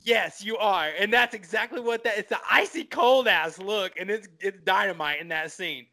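High, bright-voiced man gushing about a film. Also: normal speed, creaky. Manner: animated, profane, swept up in emotion. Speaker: podcast co-host. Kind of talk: casual film-review chat.

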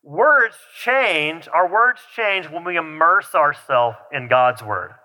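In a church sanctuary, a pastor preaches a sermon in a conversational way, with restarts and asides. His voice is a little high, slow, bright and forceful, with lively intonation. The recording carries the long reverb of a large hall.

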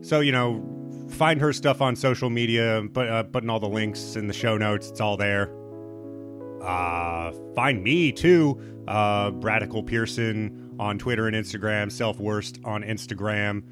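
A man's voice: lowish voice, a little slow, music in the background. A man hosting a podcast, talking casually in a rambling, profane, self-mocking way. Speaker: podcast host.

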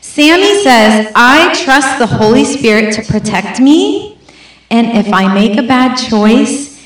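Woman at a church baptism, gushing and encouraging, slightly high voice, heavy echo, a bit off mic. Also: big pitch swings, slow pace. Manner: affectionate, encouraging, emotional. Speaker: church leader leading a baptism. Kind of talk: warm church address to a congregation. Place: large echoey church hall. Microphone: handheld microphone. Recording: very echoey hall from a distance.

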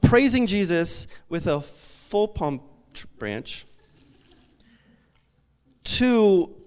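A man, a pastor in his thirties, preaching a sermon with animated, self-deprecating storytelling and lots of fillers. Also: sits high, drawn-out words, smooth.

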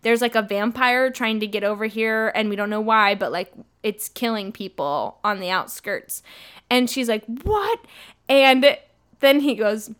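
A woman's voice: mid-range voice, normal speed, clear, resonant tone. A young woman co-hosting a casual podcast, animatedly retelling a novel and acting out the characters' lines. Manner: animated storyteller, acting out quotes in shifting voices. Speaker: podcast co-host recapping a novel. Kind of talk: casual chat.

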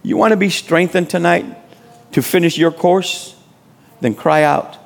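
A man with a gravelly, somewhat high voice preaches unhurriedly as a guest speaker. His sermon exhorts the congregation with repeated call-and-response amens and plain, informal street-style speech.

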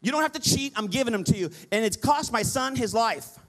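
A man's voice: very high voice, expressive, a little fast, a bit bright. A middle-aged man preaching a sermon as pastor, pleading with the congregation and calling for responses.

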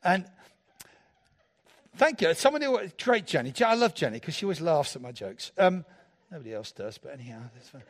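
A man's voice: on the high side, brisk, pauses often. A man. He preaches playfully and jokes with the people in front of him. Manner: playful, animated, jokes with the congregation. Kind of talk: sermon.

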